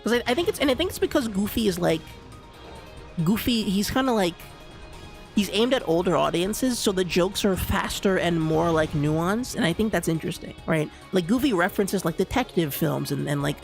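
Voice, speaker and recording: Rambling, excitable streamer chatting. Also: medium pitch, normal speed, creaky, soft background music. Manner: rambling, stammering restarts, excitable. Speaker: live streamer. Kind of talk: casual stream chat.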